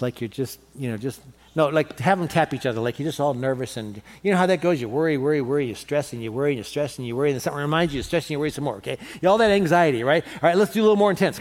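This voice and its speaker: A man preaching a sermon as pastor in a church, animated and leading the congregation in call-and-response. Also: sits high.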